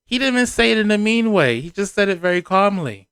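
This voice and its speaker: Animated, sarcastic man with a smooth voice. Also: sits high, quick pace, few pauses, no echo, studio quality. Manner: animated, sarcastic, punchy emphasis. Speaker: reality TV commentator. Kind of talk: casual commentary vlog.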